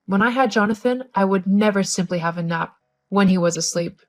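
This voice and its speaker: A condescending older mother-in-law who nags and belittles, read by a woman. Her voice sits at a middle pitch and she lectures in a steady scripted delivery. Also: brisk, natural voice. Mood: scolding. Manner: condescending, nagging. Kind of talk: scripted story narration.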